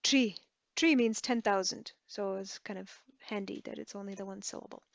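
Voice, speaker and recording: A woman's voice: mid-range voice, fairly even intonation, brisk, vocal fry, lo-fi sound. A woman teaching a language lesson, patiently repeating words and correcting herself as she writes. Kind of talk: slow lesson, writing while explaining.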